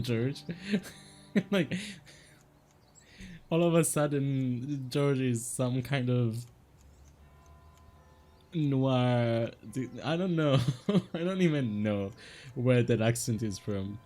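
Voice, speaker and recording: A man chats his way through a video game, laughing often and speaking slowly. Game music sits faintly under his voice. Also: medium pitch, a little mellow. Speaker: gaming streamer. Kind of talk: let's play commentary.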